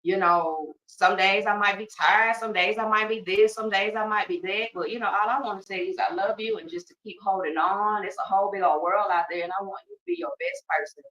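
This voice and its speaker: A woman's voice: mid-range voice, fairly quick, hardly any pauses, fairly bright tone, distant mic, lo-fi sound. A middle-aged woman hosting a podcast, talking casually and emphatically with joking asides. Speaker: podcast host. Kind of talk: casual heartfelt talk.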